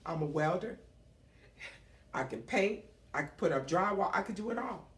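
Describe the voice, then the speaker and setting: A woman's voice: lowish voice, expressive, moderate pace. Impassioned woman speaking in an echoey room. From United States. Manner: emotional, emphatic, repeats phrases for force. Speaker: small business owner. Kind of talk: impassioned public speech. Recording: roomy echo, speaker far from the mic.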